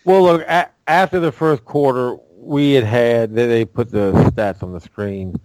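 Halting man talking sports. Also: medium pitch, darkish tone, no echo, rough recording. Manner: halting, repeats words while thinking. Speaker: co-host. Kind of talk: casual sports talk.

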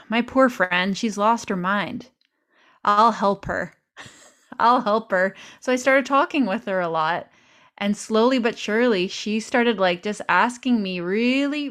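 A woman from Canada hosting a podcast, telling stories in a chatty way and acting out her own past remarks. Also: medium pitch. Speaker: podcast host. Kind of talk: casual conversational interview.

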